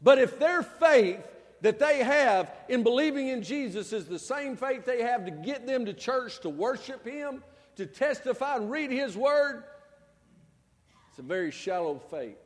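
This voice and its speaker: A male pastor preaching a sermon in a high-pitched voice. He swings from loud outbursts down to hushed, quiet lines, and a long reverb from the hall trails each phrase. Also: animated, measured pace.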